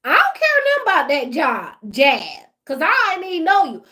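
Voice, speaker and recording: Woman, high voice, animated storytelling, laughing asides. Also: normal speed. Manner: animated, laughing, talks straight to viewers. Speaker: vlogger. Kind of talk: casual storytime rant.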